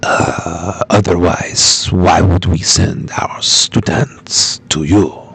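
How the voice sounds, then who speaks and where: A man voicing a grave, dramatic soap-opera speaker with a put-on Spanish accent, slow and hushed. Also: low-pitched, fairly even intonation, creaky, breathy edge, pitched below the performer's own voice, exaggerated voice. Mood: brooding.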